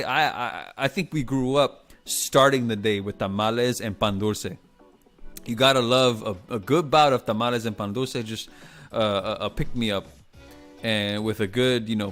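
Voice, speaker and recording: Male streamer, mid-range voice, chatty and excitable, faint music bed. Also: medium pitch. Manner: rambling, animated, swearing, many restarts. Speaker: livestream host. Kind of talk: casual live-stream chat.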